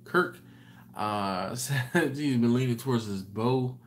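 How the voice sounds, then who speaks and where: A tired man hosting a live stream late at night. He talks slowly and unhurriedly, rambling as he reads out viewer comments. He keeps correcting himself and apologizing. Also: medium pitch, slight background noise. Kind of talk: casual live chat reading viewer comments.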